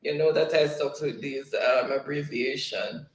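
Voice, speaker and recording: A man's voice: medium pitch, fairly even intonation, unhurried. A man hosting a casual livestream, reading viewer comments aloud and laughing often between them. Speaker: livestream host. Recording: roomy, distant from the mic.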